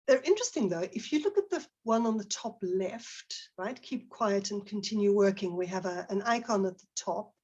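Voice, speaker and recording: A woman's voice: mid-range voice, lively intonation, moderate pace, hardly any pauses, a little mellow, husky, muffled recording. A middle-aged woman giving an online talk to teachers, conversational and full of fillers and restarts, asking her audience questions.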